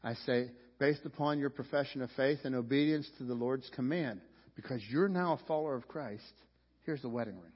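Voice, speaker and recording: A man's voice: medium pitch, brisk, slightly rough. A male pastor preaching a sermon in a church, talking in a loose conversational way and restarting his sentences often. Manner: conversational, repeats words when starting sentences. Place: church sanctuary. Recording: dull sound, long reverb of a church hall.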